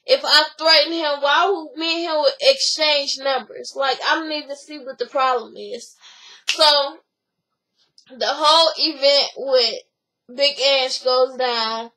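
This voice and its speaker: A woman's voice: high voice, steady tone, pushed and bright, low-quality recording. A woman casually retelling drama between friends, rambling and swearing freely with lots of fillers. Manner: rambling, profane, fast storytelling with many fillers. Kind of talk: casual gossip recap.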